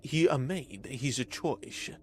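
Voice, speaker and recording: A man voicing an impassive male alien leader who speaks in a flat, unreadable way. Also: mid-range voice, very slow. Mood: cold.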